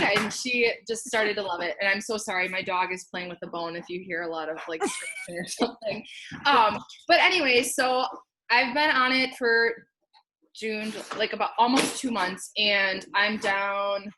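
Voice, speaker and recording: A young woman with a medium-pitched, animated voice talks at a normal speed against a noisy background, recounting her success story from home. It's an informal, chatty testimonial, upbeat in tone, with frequent laughter and plenty of "like."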